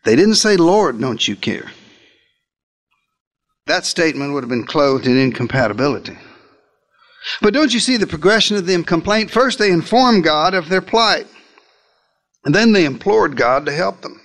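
A man's voice: lively intonation, normal speed, a bit bright. A man preaching a theatrical sermon, retelling a story as if he were there and speaking directly to his listeners. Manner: theatrical, shifts pitch and pace for emphasis. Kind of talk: dramatic first-person sermon storytelling.

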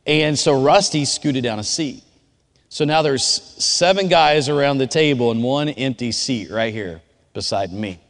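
A man preaching in a loose, storytelling way, with an average-pitched voice that rings out through a large hall. His long reverb tail makes the room sound big. He addresses the listeners directly and chats with them. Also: a little slow. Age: adult. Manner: informal, storytelling, speaks directly to the audience. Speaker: chapel speaker. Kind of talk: conversational sermon with personal story.

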